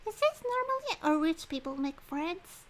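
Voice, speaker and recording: High-voiced woman streaming a visual novel. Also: sing-song, normal speed. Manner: chatty, giggly, thinks aloud. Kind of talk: reading a visual novel aloud with commentary.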